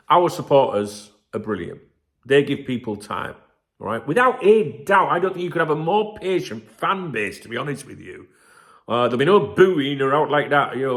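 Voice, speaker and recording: Hosting a football fan channel alone, this man chats casually in a mid-range, slightly bright voice. His commentary wanders, packed with swearing, fillers and side remarks.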